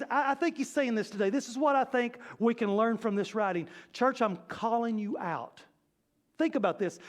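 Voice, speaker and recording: A man preaches to his congregation. His voice sits unusually high for a man, and he talks in an animated, conversational way with playful asides. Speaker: pastor. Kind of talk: sermon. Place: church sanctuary.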